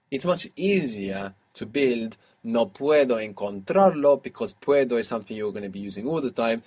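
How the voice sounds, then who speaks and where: A man's voice: mid-range voice, darkish tone, breathy edge. A man teaching a language lesson, patiently prompting a student and praising each answer. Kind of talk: guided audio language lesson.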